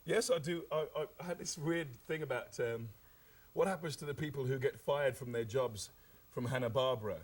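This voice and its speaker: A man's voice: medium pitch, normal speed. An English man, a comedian, chatting playfully on a talk show and slipping into funny voices. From England. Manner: playful, slips into character voices. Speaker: comedian guest. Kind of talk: comic talk show banter.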